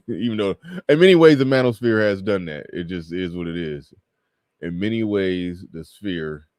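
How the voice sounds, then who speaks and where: A man's voice: low-pitched, darkish tone, no echo, studio quality. A man hosting a casual livestream, reading viewer comments aloud and riffing on them with frequent laughs. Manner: reads viewer super chats aloud and riffs; laughs often, trails off mid-thought. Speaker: livestream host.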